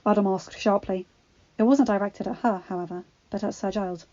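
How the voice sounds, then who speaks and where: Woman narrating a story, steady and expressive, muffled lo-fi audio. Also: mid-range voice, normal speed. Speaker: audiobook reader. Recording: dull lo-fi recording with faint music.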